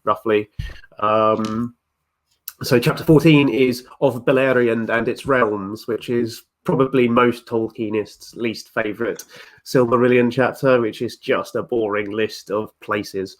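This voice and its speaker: A man's voice: mid-range voice, steady tone, measured pace. A man chatting casually as a guest, with frequent restarts and chuckles. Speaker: guest Tolkien YouTuber. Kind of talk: casual video-call discussion.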